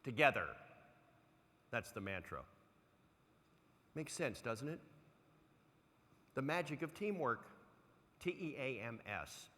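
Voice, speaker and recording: An older man giving a motivational keynote speech, an animated storyteller who acts out quotes with big swings in loudness. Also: mid-range voice, slow, long pauses. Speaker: motivational speaker. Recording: long hall reverb.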